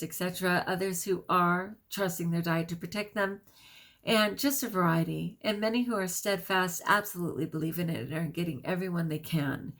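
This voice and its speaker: Chatty, low-voiced woman vlogger. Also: a bit bright. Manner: quick, chatty, many fillers and self-corrections. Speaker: vlogger and teacher. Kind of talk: casual talk to camera, reading an article aloud.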